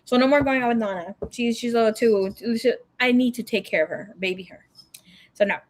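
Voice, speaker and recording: Chatty, profane woman with a high voice. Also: brisk. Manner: frank, profane, chatty, switches into Spanish phrases. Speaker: tarot reader livestream host. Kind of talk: casual storytelling chat.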